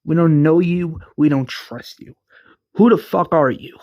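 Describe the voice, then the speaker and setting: A man's voice: fairly high pitch, a little slow, a little mellow, no room sound, clean studio sound, pitched above the performer's own voice. A man voicing a distrustful male survivor leader who talks bluntly and swears.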